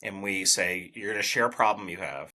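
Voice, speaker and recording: A man's voice: low voice, a little fast, sharp tone, low-quality recording. A man hosting a podcast interview, talking in an enthusiastic, rambling way with many restarts. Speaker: podcast host.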